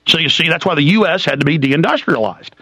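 An intense man rants through a political radio monologue, stacking lists and rhetorical questions. His voice is raised and gravelly, with a bright, forceful edge. The studio sound is dry and close. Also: on the high side, expressive, dry recording, low-quality recording. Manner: intense, ranting, piles up lists, rhetorical questions, slows to hammer words. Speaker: radio talk show host.

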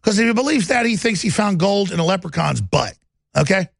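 A man hosting a talk radio show, ranting in an agitated way that swings from mumbling to loud. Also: high-pitched, expressive, brisk, vocal fry, dry recording, studio quality. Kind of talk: heated talk radio monologue.

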